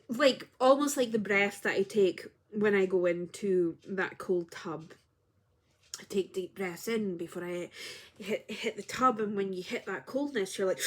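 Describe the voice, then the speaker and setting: A woman who works as a spiritual healer tells a personal story in a heartfelt, reflective way on her vlog. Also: medium pitch.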